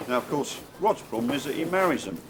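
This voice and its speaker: Chatty man, lively pitch. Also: fast, noisy background.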